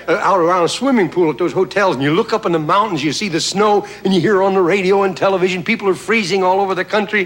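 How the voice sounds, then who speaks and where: A man's voice: high-pitched, a bit bright. A man performing a folksy stand-up comedy monologue on a TV studio stage, chuckling at his own jokes. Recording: noisy old TV broadcast with audience laughter. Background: studio audience laughter.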